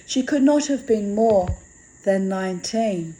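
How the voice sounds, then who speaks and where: A woman reading a fantasy story aloud in a measured, expressive way. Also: mid-range voice, a little hiss or hum, low-quality recording. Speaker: reader.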